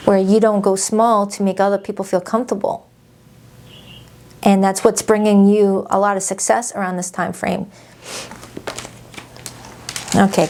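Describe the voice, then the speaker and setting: A woman's voice: mid-range voice, a little mellow, slight background noise. A woman doing a casual tarot reading, chatty and emphatic, often repeating her phrases. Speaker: tarot reader.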